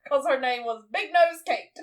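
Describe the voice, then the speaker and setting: A woman in her thirties with a fairly high voice chats casually on a podcast. She recaps a film with animated energy and slips into quick impressions of its characters. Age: 30s. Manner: animated, acts out movie lines while retelling. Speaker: podcast co-host.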